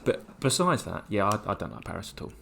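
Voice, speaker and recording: Casual male co-host, quick talker with a low-leaning voice, rambles through stories. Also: gravelly, a little hiss or hum. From England. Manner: animated, rambling anecdotes with many restarts. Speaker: podcast co-host. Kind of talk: casual storytelling chat.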